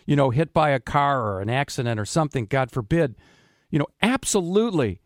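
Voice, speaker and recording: A radio show host and practitioner interviews a guest on his talk show, rambling with many fillers and restarts. His mid-range voice is lively and a little fast, captured in a dry, clean studio recording.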